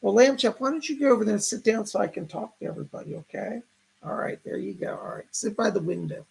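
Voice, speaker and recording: Gravelly chatty man in his fifties. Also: sits high, fast, a little mellow. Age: 50s. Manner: chatty, greets viewers by name, talks to a puppet. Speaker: psychic livestream host. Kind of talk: casual livestream chat.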